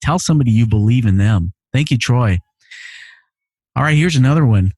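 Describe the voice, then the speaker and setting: Earnest male podcast host, mellow voice. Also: mid-range voice, expressive, normal speed, slightly rough, dry recording. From immigrant to Canada. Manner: earnest, emotional, repeats phrases. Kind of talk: solo podcast reading listener messages. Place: home living room studio.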